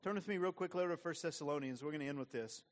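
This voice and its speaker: Speaking at a racing pace with a fairly high pitch, a pastor delivers a conversational sermon full of repeated words.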